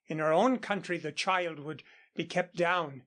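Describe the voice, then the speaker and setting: A man reading the lines of an admiring Russian noblewoman in an audiobook, quick and enthusiastic. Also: a little high, fairly bright tone.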